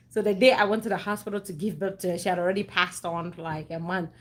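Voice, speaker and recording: A woman's voice: mid-range voice, fairly even intonation, fast talker, a bit bright. Brief: young woman, heartfelt personal talk, emotional and earnest, frequent restarts. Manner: earnest and emotional, with many restarts and repeated phrases. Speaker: host sharing a personal story.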